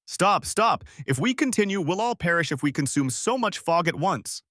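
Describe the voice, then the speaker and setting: A man voicing a desperate male prisoner who shouts urgent warnings. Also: mid-range voice, very animated, normal speed, no room sound, clean studio sound.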